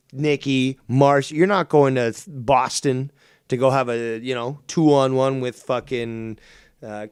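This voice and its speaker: A man's voice: medium pitch, clear, resonant tone, no room sound, clean studio sound. A man hosting a call-in stream, ranting in an angry, mocking way with a lot of swearing. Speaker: stream host. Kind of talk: ranting livestream commentary.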